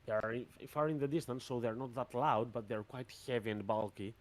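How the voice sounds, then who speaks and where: A man running a tabletop game as game master, narrating scenes in a measured way. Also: medium pitch. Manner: measured, descriptive narration with fillers.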